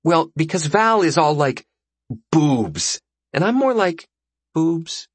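A man's voice: on the high side, animated, moderate pace, a bit bright, breathy edge, dry recording, voice pushed up. A man voicing a playful, somewhat insecure young woman in an audiobook, teasing and hesitant.

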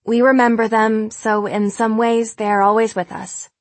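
A man voicing a gentle, protective young woman who reassures a child in a soft, even voice in an audiobook. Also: high voice, a little slow, no echo, voice pushed up. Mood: soft reassurance. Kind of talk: audiobook character voice.

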